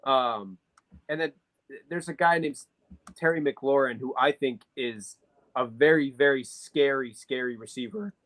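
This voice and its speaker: A man's voice: medium pitch, a little slow, a bit bright, poor audio. A man co-hosting a casual sports podcast, analyzing football matchups at length with frequent fillers. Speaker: podcast co-host.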